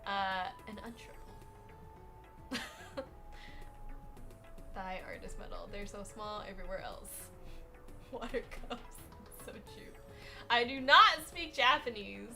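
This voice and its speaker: A woman's voice: mid-range voice, slow, gravelly, long pauses, pushed and bright, faint music behind. A young American woman rambles through a casual livestream chat, profane and sassy. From United States. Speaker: streamer.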